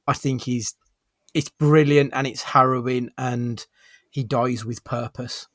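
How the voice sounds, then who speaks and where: A man's voice: medium pitch, fairly even intonation, measured pace, fairly bright tone, no room sound, studio quality. Enthusiastic man in casual podcast chat. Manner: enthusiastic, swears casually, rambling restarts. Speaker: podcast co-host.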